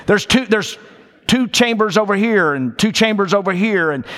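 A man with a slightly raised pitch delivers a sermon in a church sanctuary, where his voice rings out with a long reverb. He talks to the congregation conversationally, drawing out key lines for emphasis and slipping in lighthearted asides. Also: animated, a bit bright. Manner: conversational preaching, slows for emphasis, playful asides. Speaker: pastor.

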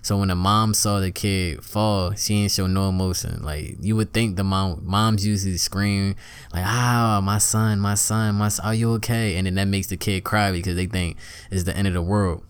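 Deep-voiced man giving casual motivational talk. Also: fairly even intonation, moderate pace, clear, resonant tone. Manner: conversational, repetitive, rhetorical questions.

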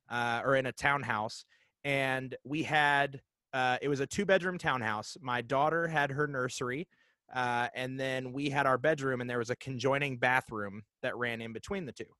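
Bright-voiced man telling a ghost story. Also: mid-range voice, dry recording. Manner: animated, halting with fillers and restarts. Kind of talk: casual storytelling chat.

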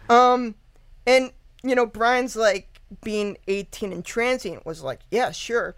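A woman's voice: on the high side, slow. A woman guest casually retelling a true-crime story, rambling with lots of fillers, laughing and swearing. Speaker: podcast guest.

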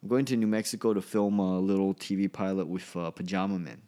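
A podcast host and comedian from Asia talks alone in a rambling, chatty manner, frequently restarting and correcting himself, with a faint Australian accent. His low voice is steady and warm, and he speaks fast.

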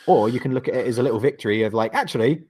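A man's voice: medium pitch, fairly even intonation, rapid-fire, warm tone, slightly rough. A man from the UK co-hosting a podcast, telling a rambling, sweary story with frequent laughs. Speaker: podcast co-host. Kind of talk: casual chat.

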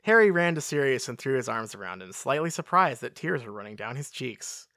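A podcast co-host chatting casually and reading fan fiction aloud, slipping into playful character voices. The pitch swings widely. The sound is dry and close. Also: very animated, fairly quick, a bit bright, no echo.

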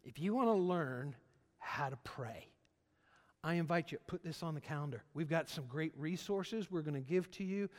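Middle-aged male pastor, slightly high voice, emphatic and repetitive, church hall with long reverb. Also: normal speed. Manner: animated, emphatic with repetitions and jokes. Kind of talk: sermon. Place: church service.

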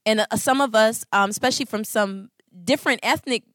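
Woman speaker, animated storytelling, bright forceful voice, dry close sound. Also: a little high, fairly quick, no room sound. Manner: expressive, acts out voices, laughs. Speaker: Christian speaker on marriage.

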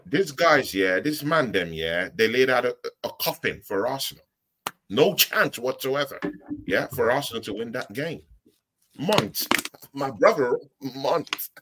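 A man's voice: mid-range voice, expressive, unhurried, background noise. A man chatting casually as a guest on a football live stream, laid-back with lots of fillers.

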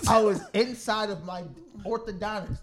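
A man's voice: high-pitched, fairly even intonation, unhurried. A man recounting a story in casual chat, amused and laughing between lines.

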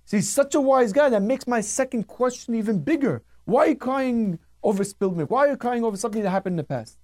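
A man's voice: extremely high pitch, lively intonation, fast, a little mellow, pitched above the performer's own voice. A man voicing a scoffing philosopher who mocks and questions insistently. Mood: incredulous. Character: scoffing male philosopher, adult, sure of himself.

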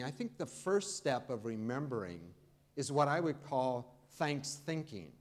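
A man preaching a Sunday sermon, talking to the congregation in an easy, conversational way and leaning hard on key words. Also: medium pitch. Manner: preaching, warm conversational pauses, emphatic rises. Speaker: pastor. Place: church.

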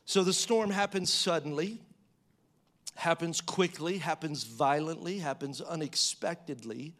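A man preaching a sermon in a conversational style, asking the audience rhetorical questions and acting out quotes with rising pitch and volume. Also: measured pace, a bit bright. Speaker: pastor.

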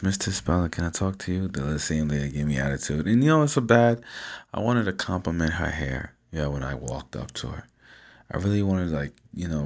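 A man talking at home, telling a long story in a casual, slangy, profane way and acting out each person's lines. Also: rumbling low. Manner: animated, profane, slangy, acts out the dialogue.

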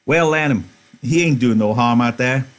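A man's voice: medium pitch, normal speed, close to an everyday voice. A man reading aloud as a stern, protective ranch worker who talks firmly. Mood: reflective. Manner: firm, scolding.

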